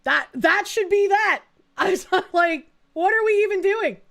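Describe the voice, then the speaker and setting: A woman's voice: extremely high pitch, animated, a little slow, gravelly, a bit bright. A woman streamer reacting to news clips, blunt and indignant, swearing freely. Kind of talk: casual reaction commentary.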